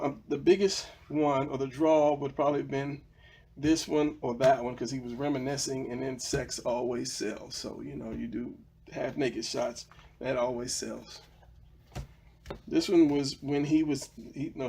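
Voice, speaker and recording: A man's voice: mid-range voice, vocal fry, darkish tone, a little hiss or hum. A man casually teaching comic drawing, rambling with fillers and restarts as he walks through old pages. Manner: rambling, many fillers and restarts, retelling a story. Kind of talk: casual tutorial talk.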